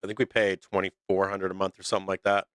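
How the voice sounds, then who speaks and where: A man's voice: low voice, flat delivery, quick pace, fairly bright tone, dry recording. A middle-aged man hosting a stock market livestream, talking in a blunt, profane, rambling way full of restarts. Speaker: stock market show host. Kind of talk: casual livestream rant.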